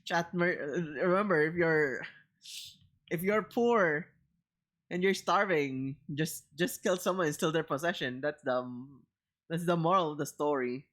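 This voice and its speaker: A young woman reads a children's story on her livestream at a slow, unhurried pace. Her voice sits a little low. Between passages she slips into excited, profane commentary. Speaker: streamer. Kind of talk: casual storybook reading on a livestream.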